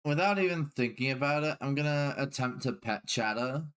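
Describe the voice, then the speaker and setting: Animated man playing a tabletop game. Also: medium pitch, moderate pace, clear, resonant tone. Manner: playful, laughs often, animated. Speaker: player. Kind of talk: casual tabletop role-play.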